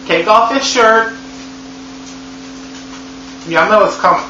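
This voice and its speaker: Sassy, high-voiced man with a bright tone. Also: moderate pace, pauses often. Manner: sassy, profane, animated storytelling. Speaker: movie reviewer. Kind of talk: comedic movie recap vlog. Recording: echoey room, dull lo-fi sound, faint hum.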